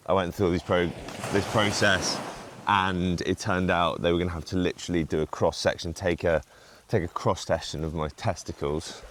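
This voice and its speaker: A man's voice: low voice, slight background noise. A man from the UK co-hosting a vlog, chatting in an easygoing, joking way while walking on a beach. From United Kingdom. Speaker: vlog co-host. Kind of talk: casual chat while walking. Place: outdoors on a beach.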